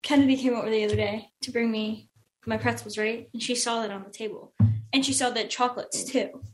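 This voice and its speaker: A young woman chatting with her brother on a podcast, telling stories in a lively, chatty way. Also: on the high side, a little fast, faint music behind. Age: young adult. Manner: chatty storyteller, animated retelling. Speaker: host's sister, co-host. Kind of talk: casual chat.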